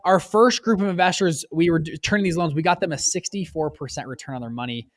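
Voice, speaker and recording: This is a young man in his twenties, a guest on an interview podcast, caught up in telling his own story. His voice sits a bit high and he acts out quoted lines with big jumps in pitch. The recording is dry and close, with no room sound. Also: fast talker, dry recording. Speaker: podcast guest, fund manager.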